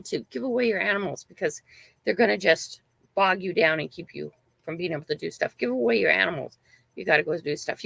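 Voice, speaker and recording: Gravelly-voiced grandmother telling a story. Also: mid-range voice, fairly bright tone, no echo. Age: older. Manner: rambling, emphatic, frequent "right?" and "okay?". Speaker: channel host. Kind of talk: casual livestream storytelling.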